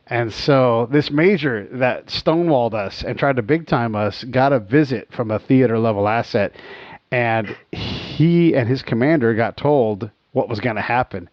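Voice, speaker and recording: A man hosting a podcast talks in a loose, chatty way and slips into the voices of the people he quotes. His voice sits at an ordinary pitch. The audio is dull and dry, like a cheap lo-fi recording. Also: normal speed, no room sound. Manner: animated, acts out quoted dialogue. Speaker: podcast host. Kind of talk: casual storytelling chat.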